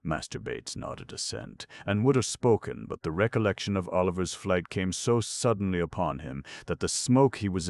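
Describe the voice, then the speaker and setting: A man narrates a classic novel in a very deep, gravelly voice. His delivery is measured and his pitch moves in a lively way. The recording is dry, with no room sound. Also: no room sound. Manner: measured storytelling. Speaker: audiobook narrator. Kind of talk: scripted narration.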